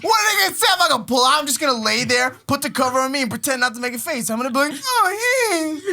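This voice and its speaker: A middle-aged man co-hosting a podcast, telling crude stories loudly, laughing and acting out the people in them. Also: extremely high pitch, rapid-fire, vocal fry, faint music behind. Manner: loud, laughing, acts out people in his stories. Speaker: podcast co-host. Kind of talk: crude casual chat.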